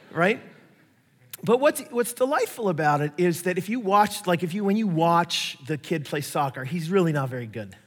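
A man preaching a sermon, telling stories in a lively way and acting out the voices of the people he quotes. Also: on the high side, brisk. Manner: animated storytelling, acts out quoted voices. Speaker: pastor. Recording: echoey hall reverb.

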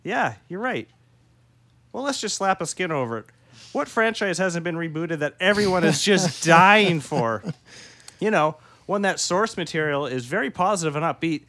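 A man playing a brash male TV executive who pitches a show in a mock-excited sales voice. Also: moderate pace, dry recording. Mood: hyped pitching.

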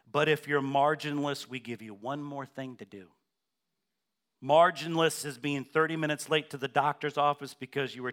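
A man preaching a sermon as pastor in a church, asking the congregation questions and building to loud, emphatic repetition. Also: mid-range voice. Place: church sanctuary.

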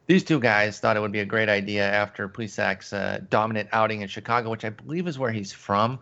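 A man hosting a casual sports podcast, his low voice full of gravel and fry. He rambles and jokes easily with his co-hosts. The audio is dull and lo-fi, like a remote call. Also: fairly even intonation, a little fast, bright, forceful tone. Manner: jokey, rambling, laughs easily. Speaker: podcast host.

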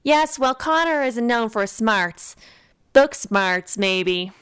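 Woman narrator voicing a chatty, curious young man with a lifted, slow storybook voice. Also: fairly high pitch, animated, a bit bright, smooth. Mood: eager. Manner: eager, prying questions. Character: friendly, nosy young man, charming and talkative.

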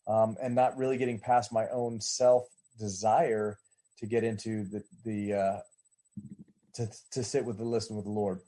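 A man's voice: lowish voice, flat delivery, normal speed, dark tone. A man on a church teaching team reflecting aloud on a video call, often searching for his words. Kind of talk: casual discussion on a video call.

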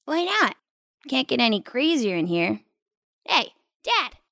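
A woman's voice: a little high, big pitch swings, creaky, pushed and bright, no echo, clean studio sound, full character voice. A woman voicing a spirited young girl who plays guitar in a children's audio drama, upbeat and playful. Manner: upbeat and playful, drawn-out delivery.

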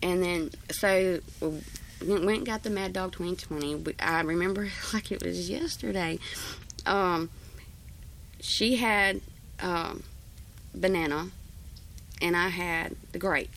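A woman recounts an old story in casual, rambling fashion. Her voice is low and gravelly. Faint noise sits under the recording. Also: slow, pauses often, fairly bright tone. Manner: rambling, folksy, many fillers. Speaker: interviewee.

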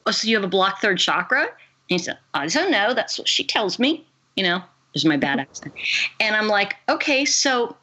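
A middle-aged woman, a guest author, chatting and telling lively stories, quoting the people she met. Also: mid-range voice, slightly rough, rough recording. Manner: animated storyteller, quotes people in her own voice. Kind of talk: conversational storytelling.

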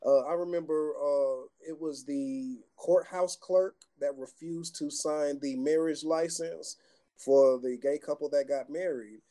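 A man's voice: on the high side, fairly even intonation, a little slow, warm tone. A man giving earnest, preachy commentary in a casual faith conversation.

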